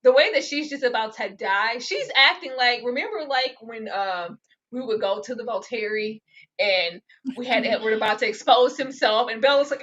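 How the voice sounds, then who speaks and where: A woman co-hosting a casual TV recap, talking in an animated, dramatic way and acting out characters' lines. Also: a little high, moderate pace. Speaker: show co-host. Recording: dull lo-fi audio.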